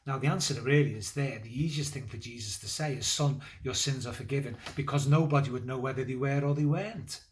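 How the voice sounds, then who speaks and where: Man telling a Bible story to children. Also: mid-range voice. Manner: gentle, conversational storytelling with pauses and fillers; lively, building energy toward the climax of the story. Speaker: church children's leader.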